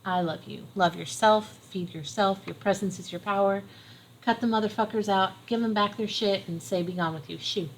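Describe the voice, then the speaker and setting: A woman's voice: medium pitch, fairly even intonation, moderate pace, a little hiss or hum, poor audio. A middle-aged woman giving a casual tarot reading, earnest and encouraging, repeating phrases for emphasis. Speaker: tarot reader.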